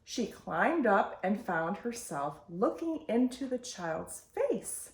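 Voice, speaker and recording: Woman reading a storybook aloud, slow and lively pitch, roomy echo. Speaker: storytime host. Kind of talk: reading a picture book aloud.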